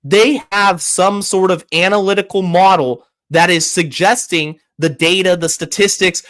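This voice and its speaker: High-voiced, heated sports podcast host. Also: male voice, steady tone, fairly bright tone. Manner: heated, rapid, frequent restarts. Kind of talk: opinionated sports commentary.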